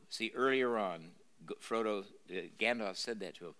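The voice is a man's, on the low side, at a normal speed and with a fairly bright tone. He is an older pastor giving a live reading of a novel in a university room, lending it drama, stopping to comment, and frequently using fillers and restarting lines.

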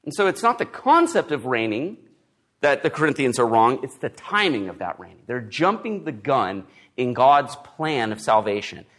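A man's voice: medium pitch, very animated, moderate pace, a bit bright. A man preaching an expository sermon as pastor, with emphatic stresses.

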